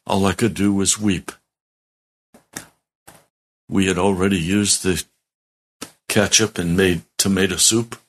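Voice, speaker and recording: Slow, low-voiced pastor giving testimony. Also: male voice, steady tone. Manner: slow, earnest storytelling with heartfelt emphasis. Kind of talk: sermon testimony.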